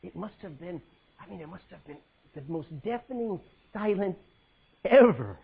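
A male preacher delivering an emphatic sermon, swinging from loud, high calls to low, hushed lines. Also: expressive, normal speed, creaky, husky, phone-quality sound.

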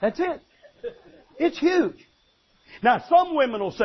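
Older man, pastor, sermon, high-pitched, very lively swings, emphatic shouts. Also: takes it slowly, dull audio. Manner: animated, emphatic preaching with stammered restarts and sudden shouts.

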